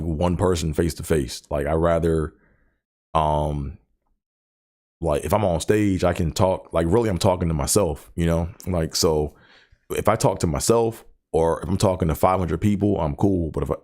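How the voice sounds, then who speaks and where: A podcast host with a low, darkish voice chats casually on his own show at a moderate pace. He rambles about stuttering, a condition he lives with, and his speech is full of fillers, repeated words and stutters.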